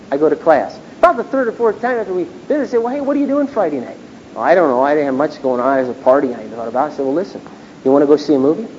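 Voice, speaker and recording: A man's voice: on the high side, darkish tone. A middle-aged man, a pastor, preaching a conversational sermon and acting out bits of dialogue from everyday stories. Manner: conversational, storytelling, acts out dialogue. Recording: dull lo-fi recording with faint noise.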